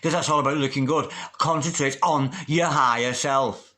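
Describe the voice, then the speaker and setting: A man talking through a tarot reading at an ordinary pitch. His delivery is chatty and emphatic, and he drops the odd swear word in casually. It sounds like a relaxed, one-person reading spoken straight to the viewer. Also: moderate pace. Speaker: tarot reader.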